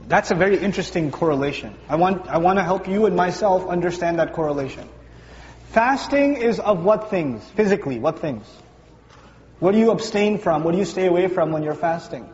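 A man giving a lively sermon to a young audience, animated, acting out little scenes with funny voices and climbing higher in pitch when he stresses a point. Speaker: speaker at a Ramadan talk. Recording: dull sound with long reverb in a hall.

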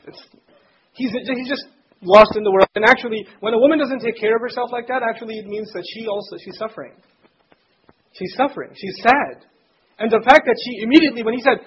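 High-voiced man giving a casual religious lecture. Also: quick pace. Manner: explains scripture terms in plain everyday speech. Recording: dull lo-fi recording with faint noise.

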